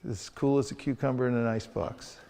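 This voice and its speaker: A man's voice: mid-range voice, brisk, gravelly, dark tone. Playful man training a group in a hall. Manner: playful, acts out street encounters. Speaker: sales trainer. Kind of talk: hands-on training talk with demonstrations. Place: indoor training session with a group. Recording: long reverb of a hall.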